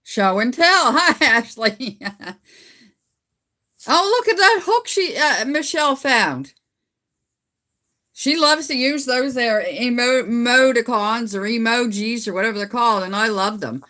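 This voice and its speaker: Woman, middle-aged, from Canada, casual home livestream, phone mic, slow-paced, bright tone, chatty. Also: on the high side, animated. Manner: chatty, rambling, laughs often. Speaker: livestream host. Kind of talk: casual live chat with viewers.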